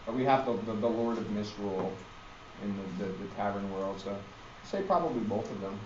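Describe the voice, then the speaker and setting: A man with a low voice teaches a literature class, talking fairly quickly with background noise around him. The classroom lecture rambles, full of fillers and restarts, and the recording sounds roomy and dull.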